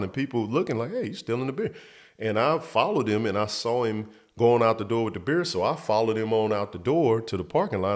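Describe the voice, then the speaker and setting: A middle-aged man with a somewhat low voice spins a long anecdote as host of his own show. He talks in a loose, casual way with restarts, and turns animated, shooting his pitch up high when he acts out what people said. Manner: animated, jumps up high when quoting others. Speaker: host telling a story. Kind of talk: casual storytelling.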